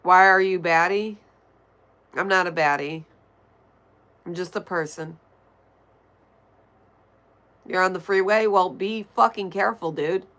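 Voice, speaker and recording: A woman's voice: fairly low pitch, unhurried, pauses often, a bit bright. A woman with a nasal voice, chatting casually on a livestream and answering viewer messages as she reads them. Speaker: livestream host. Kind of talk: casual livestream chat, reading chat.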